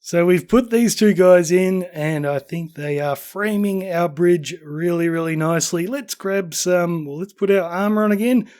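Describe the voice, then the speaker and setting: A tired, slightly hoarse man chats through a quick tour of his builds. His voice sits a touch higher than most men's, and he stays upbeat and self-deprecating despite fading at the end of a long day. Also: a little mellow. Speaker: game building channel host. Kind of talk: casual gameplay tour commentary.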